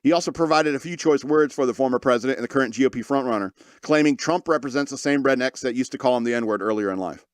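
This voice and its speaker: A man's voice: mid-range voice, fast talker, few pauses, dry recording, clean studio sound. A man hosting a podcast, reading news stories aloud and breaking off into sarcastic, mocking asides. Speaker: podcast host. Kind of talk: comedic news commentary.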